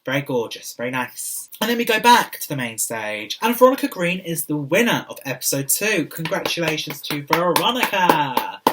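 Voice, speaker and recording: A man's voice: fairly high pitch, very animated, normal speed, hardly any pauses, fairly bright tone, far from the mic, slight background noise. A young British man in drag, recapping a TV show in a camp, cheeky, sassy casual vlog. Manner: camp, cheeky, sassy, addresses people directly. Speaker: drag queen reviewer.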